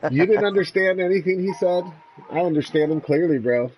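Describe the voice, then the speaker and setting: A man's voice: high voice, a little fast, a little mellow, soft background music, poor audio. Laughing, swearing gamer man. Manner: laughing, swearing, easygoing banter. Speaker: host of the gaming stream. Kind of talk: casual gaming voice chat.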